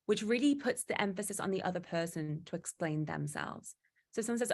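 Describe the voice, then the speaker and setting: A woman giving a motivational talk, animated and acting out quoted exchanges, with frequent restarts. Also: medium pitch, brisk. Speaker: guest speaker.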